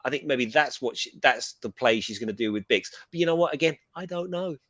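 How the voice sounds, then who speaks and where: British man, mid-pitched, dry close sound, rambly animated pop culture co-host. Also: fairly quick, no echo. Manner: rambling, animated, casual swearing. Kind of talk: casual pop culture chat.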